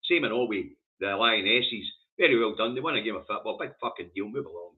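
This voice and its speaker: A man's voice: fairly low pitch, lively intonation, fast talker. A Scottish man hosting a news review stream, reading headlines and ranting about them with scorn and heavy swearing. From Scotland. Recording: tinny phone-like audio.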